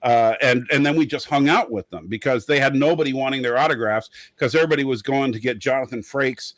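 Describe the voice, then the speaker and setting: A man's voice: mid-range voice, quick pace, a bit bright, no echo. Man, middle-aged, West Coast American accent, rambling casual storyteller, dry close sound. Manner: rambling storyteller, many fillers. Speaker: podcast co-host. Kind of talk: casual chat.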